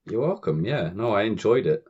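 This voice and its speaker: A man's voice: lowish voice, sing-song, normal speed, a little mellow, breathy edge. A British man, a podcast guest, telling rambling, chatty camp stories. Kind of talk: casual chat. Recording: dull lo-fi audio.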